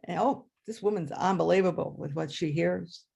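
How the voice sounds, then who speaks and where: A woman who was a third grade teacher, telling a personal story live to an audience with dramatic pitch leaps. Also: moderate pace, vocal fry, warm tone, slightly rough. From New York area. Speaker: storyteller, retired-style schoolteacher.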